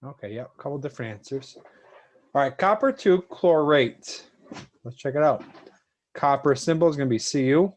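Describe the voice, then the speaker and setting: A man's voice: medium pitch, expressive, moderate pace. A man teaching a chemistry lesson to an online class, talking casually and thanking students by name.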